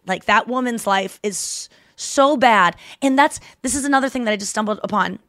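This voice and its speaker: A woman's voice: a little high, brisk, fairly bright tone, no echo, clean studio sound. A woman in her thirties hosting a podcast, chatting casually and retelling stories with quoted voices. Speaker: podcast host and comedian.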